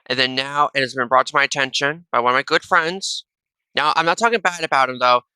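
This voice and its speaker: Doing casual reaction commentary, a man speaks a little fast in a medium-pitched, very bright and forceful voice that stays smooth and clear. He rambles, restarts sentences and adds "though" to nearly every line. Recorded on a wireless gaming headset, the sound is close and dry, with no room sound.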